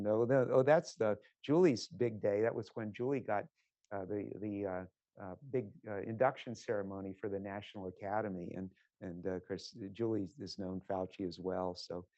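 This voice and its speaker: An older man, a physician, giving a lecture full of personal anecdotes in a conversational, rambling way with many filler pauses. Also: on the low side, darkish tone, dry recording, dull audio.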